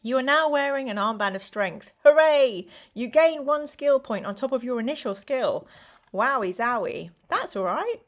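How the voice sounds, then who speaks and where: A woman's voice: fairly high pitch, animated, normal speed, fairly bright tone. A woman hosting a live stream, reading a gamebook aloud to her chat in a playful, exclamatory way.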